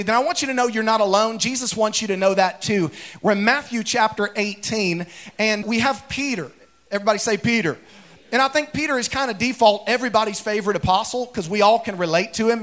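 A man preaching a sermon in a church, calling on the congregation to repeat phrases back to him. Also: sits high. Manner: energetic call-and-response preaching. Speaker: pastor. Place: church sanctuary.

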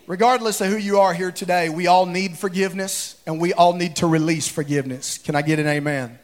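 In a church sanctuary full of worshippers, a man preaches with a high-pitched voice, talking fast and barely pausing. He is a pastor giving a comic sermon of folksy tales, animated and prone to sudden shouting.

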